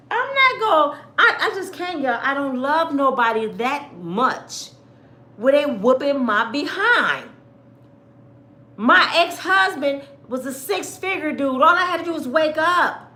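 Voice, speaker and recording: A woman from Michigan who hosts a livestream and tells her own stories to viewers in a blunt, animated, outspoken way. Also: high voice, roomy sound. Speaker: livestream host. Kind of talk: casual storytelling to viewers.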